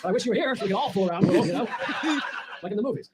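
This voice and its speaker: A man doing a stand-up set on stage, dry and quick, acting out little voices for the jokes. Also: sits high, very noisy. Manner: dry, quick-fire joke delivery with acted-out voices. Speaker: stand-up comedian. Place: comedy stage before a live audience. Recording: loud audience laughter from a comedy show.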